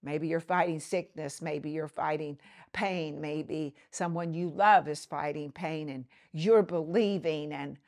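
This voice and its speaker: A woman's voice: low voice, steady tone, a little slow, darkish tone. A woman minister giving a televised Bible teaching, reading scripture and speaking in an earnest, emphatic way.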